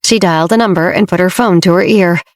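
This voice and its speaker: A woman narrating a romance audiobook in a steady, measured storytelling manner, recorded close to the mic. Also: fairly low pitch, no echo. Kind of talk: scripted narration.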